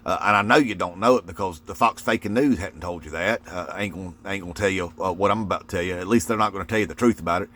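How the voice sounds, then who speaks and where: A man's voice: low voice, racing, hardly any pauses, a bit bright. A man ranting to camera in a folksy, mocking way, with lots of "uh" fillers. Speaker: political video commentator. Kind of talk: casual rant to camera.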